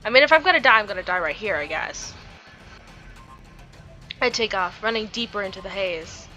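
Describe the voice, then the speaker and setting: Bright-voiced woman reading a game aloud. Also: medium pitch, expressive, moderate pace, faint music behind. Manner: reads the story dramatically, breaks off into giggly asides. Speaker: game streamer. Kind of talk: reading a visual novel aloud with commentary.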